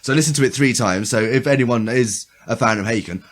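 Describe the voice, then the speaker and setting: A man's voice: medium pitch, fast. A man co-hosting a casual podcast chat who rambles with frequent restarts and a dry, amused, sarcastic tone. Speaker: podcast co-host.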